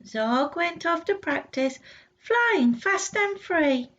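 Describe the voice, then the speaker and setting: Brief: high playful woman, very slow picture-book reading, muffled sound. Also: lively intonation, a bit bright. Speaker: school reader. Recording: dull lo-fi recording.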